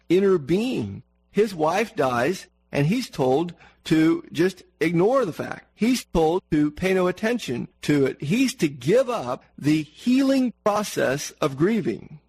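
A man's voice: fairly high pitch, expressive, slow pace, darkish tone, slightly rough, dry recording, low-quality recording. A man preaching a sermon in an earnest manner, repeating words for emphasis and asking the congregation questions.

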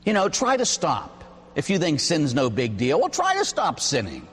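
Man, priest, sermon, emphatic storytelling, lively pitch, slightly high voice. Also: moderate pace, husky, long reverb tail. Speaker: Catholic priest.

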